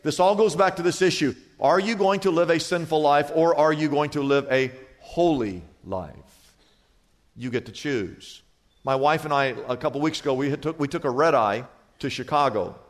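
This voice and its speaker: A middle-aged man preaching a sermon as pastor, telling a story in a lively, animated way. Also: on the high side, normal speed. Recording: long reverb of a large hall.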